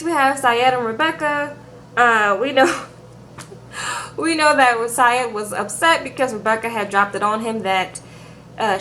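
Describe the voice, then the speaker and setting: A woman's voice: fairly high pitch, a bit bright, slight background noise. A woman giving a chatty, sassy recap of a reality TV show to her viewers in a casual vlog, calling them girl and y'all. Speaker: reality TV reviewer.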